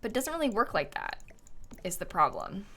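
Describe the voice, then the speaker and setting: Bright-voiced woman streamer thinking aloud. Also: mid-range voice, very animated, brisk. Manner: chatty, thinking aloud, frequent ums and laughs. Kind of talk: casual live-stream chat while building in a game.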